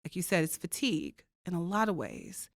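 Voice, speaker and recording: A fairly low, gravelly female voice with huge pitch swings and a slightly fast pace carries this podcast guest's reflective stories. She is a faculty member and diversity co-chair who speaks earnestly and emphatically, leaning on rhetorical questions. The studio sound is clean with no echo.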